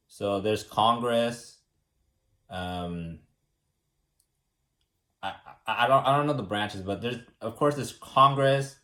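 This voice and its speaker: A man with a fairly low voice talks through a loose, unscripted explanation. He rambles, restarts phrases and leans on "like" and "um". He comes from the United States and sounds like an everyday person sharing his thoughts. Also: a bit bright. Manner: rambling, repeats words, many fillers. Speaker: explainer teaching about government.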